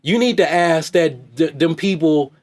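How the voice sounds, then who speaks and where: Man, high-pitched voice, slangy off-the-cuff rant, repeats "hey, man". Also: a little slow, a little mellow. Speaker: vlogger and fitness coach.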